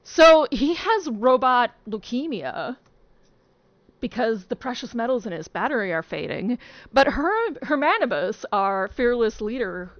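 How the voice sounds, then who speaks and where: A woman's voice: fairly high pitch, very animated, measured pace, no echo. A young woman giving casual, giggly game commentary, rambling and correcting herself as she goes. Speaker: let's play streamer. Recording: dull lo-fi sound.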